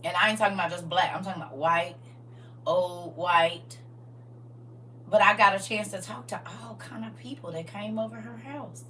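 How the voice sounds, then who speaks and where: A woman of about forty telling stories from her past in a casual, animated way, full of slang and laughter. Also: medium pitch, moderate pace, far from the mic, slight background noise. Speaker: livestream co-host. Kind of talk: casual storytelling chat.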